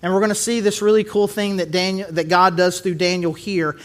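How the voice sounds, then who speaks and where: A man pastor preaching a conversational sermon, with lively asides and acted-out quotes. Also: high-pitched, fairly quick.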